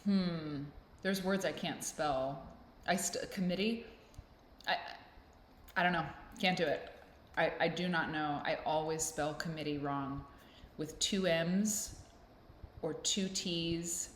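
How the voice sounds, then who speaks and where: A woman's voice: low voice, slow pace. A woman hosting a casual vlog, chatting in a rambling, playful, self-deprecating way. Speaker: vlog host. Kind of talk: casual chat to camera. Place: indoors at home with a fan blowing. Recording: echoey room with faint noise.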